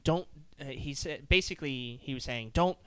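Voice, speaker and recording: A man's voice: medium pitch, moderate pace, crowd noise. A man, a guest on a casual podcast, telling a story with lots of acted-out quotes and laughter. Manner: acts out quoted voices, laughs often.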